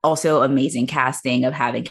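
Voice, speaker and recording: A woman hosting a casual movie review podcast, talking with animated swings into playful impressions. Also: a little fast, creaky, slightly rough. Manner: animated, slips into high-pitched impressions. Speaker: podcast host.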